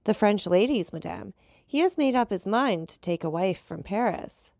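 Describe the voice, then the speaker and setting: A man's voice: high voice, lively intonation, moderate pace, vocal fry, a little mellow, dry recording, clean studio sound. A woman reading as a composed, mocking male count who hosts a dinner. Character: mysterious wealthy male count, calm, ironic host.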